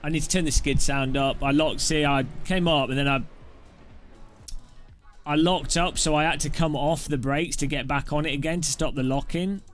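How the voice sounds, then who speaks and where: A man's voice: on the high side, steady tone, moderate pace, a bit bright, faint music behind. A man giving casual, jokey commentary over his sim racing gameplay and laughing often.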